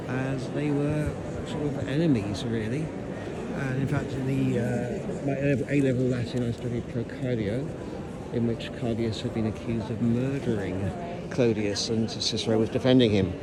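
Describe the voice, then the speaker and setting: A male tour guide talks through city sights in an animated way, pointing things out and putting questions to the viewer. His voice sits at a middle pitch. It is recorded on a phone, with clear traffic and city noise around him. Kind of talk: walking tour explainer videos. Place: around London sites, in and out of doors. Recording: noisy city street sound.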